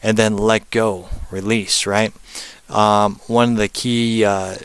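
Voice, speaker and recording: A man with a somewhat low, smooth voice gives a casual spiritual presentation. He rambles, often pausing on fillers and checking in with tag questions. The sound is close and dry. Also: flat delivery, dry recording. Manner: rambling, frequent "um" and "right?"; puts on brief high voices for spirits. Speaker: spiritual teacher.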